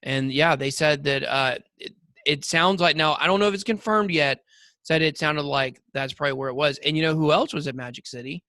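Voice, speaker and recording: A man's voice: on the high side, brisk, pushed and bright, dry recording, studio quality. A man co-hosting a podcast, telling rambling, jokey stories with lots of fillers. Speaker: podcast co-host. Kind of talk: casual chat.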